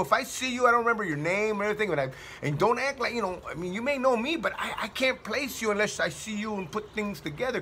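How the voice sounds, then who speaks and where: Male comedian, bright high voice, animated slangy storyteller. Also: slight background noise. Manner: animated, slangy, full of "man" and "dude". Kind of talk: casual storytelling monologue.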